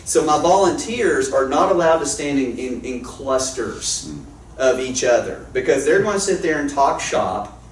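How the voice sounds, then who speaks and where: A guest worship leader tells funny stories to an audience in a loose, rambling, self-deprecating way. His medium-pitched voice is animated and moderately paced. The distant mic picks up a roomy echo, faint ambience and slight background noise.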